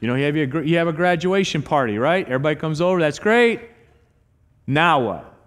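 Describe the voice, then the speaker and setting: Animated pastor in a reverberant hall. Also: male voice, a little high, brisk. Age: middle-aged. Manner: animated storytelling with acted quotes. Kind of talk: sermon. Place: church sanctuary. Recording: long church hall reverb.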